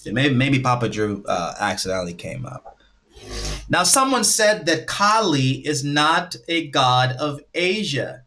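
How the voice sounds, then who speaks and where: A man's voice: mid-range voice, big pitch swings, a little slow, bright, forceful tone. Man lecturing on a livestream. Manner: lecturing, lays out points one by one. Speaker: livestream host. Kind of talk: casual livestream talk.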